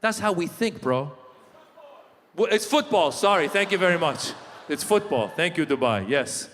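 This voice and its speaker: A middle-aged man performing a stand-up comedy set, telling animated stories and shouting in character voices. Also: a little high, moderate pace, a little hiss or hum. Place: large live venue. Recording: live hall with long reverb.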